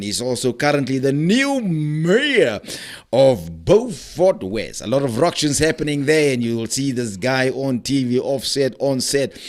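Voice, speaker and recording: A man hosting an interview podcast, talking haltingly with many filler sounds. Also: medium pitch, a little mellow. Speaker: podcast host.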